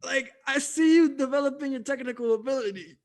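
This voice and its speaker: Male podcast co-host, high voice, loose and laughing, lots of fillers. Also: a little fast. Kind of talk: casual music review chat.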